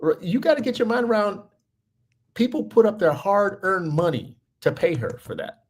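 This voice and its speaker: A man's voice: high-pitched, very animated, moderate pace. A man co-hosting a podcast, telling a story in casual commentary and getting heated and emphatic as he goes. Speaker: podcast co-host.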